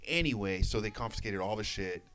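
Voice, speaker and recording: Low-voiced man telling a rambling story. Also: expressive, fast talker, a bit bright. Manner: rambling storyteller, swears freely, acts out quotes. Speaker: podcast co-host. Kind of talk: casual chat.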